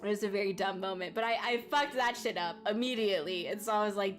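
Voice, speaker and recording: A young woman streamer telling a story in casual chat, rambling with many fillers and restarts, laughing often and getting loud when excited. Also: mid-range voice, quick pace, hardly any pauses. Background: faint background music.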